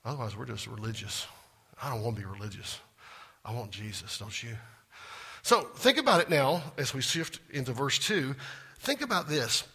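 A man's voice: mid-range voice, expressive, moderate pace, sharp tone, slightly rough. A man preaching a sermon, chatty and self-joking, asking the congregation questions. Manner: conversational, asks the congregation questions, jokes at himself. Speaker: pastor. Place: church sanctuary.

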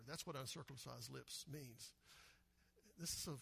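A pastor preaching a conversational sermon, often asking the congregation questions. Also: male voice, mid-range voice, a little slow, gravelly, bright, forceful tone, husky. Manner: conversational, asks the congregation questions, acts out quotes.

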